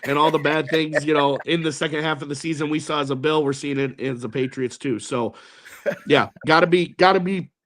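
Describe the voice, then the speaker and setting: A man with a somewhat higher voice rambles through his opinions in a casual sports podcast. He restarts sentences and lets thoughts trail off as he talks. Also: fairly even intonation, fairly quick, fairly bright tone. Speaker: podcast co-host.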